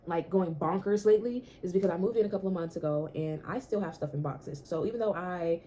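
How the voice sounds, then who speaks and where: A woman's voice: lowish voice, quick pace, mellow, slight background noise. Chatty young woman vlogging at home. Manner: chatty, repetitive, swears casually. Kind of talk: casual chat to camera. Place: small apartment indoors.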